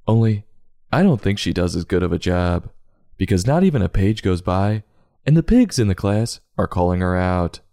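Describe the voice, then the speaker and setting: A man hosting a comedic book review, sarcastic and crude, with deadpan asides. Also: deep voice, normal speed. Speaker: podcast host reviewing a book.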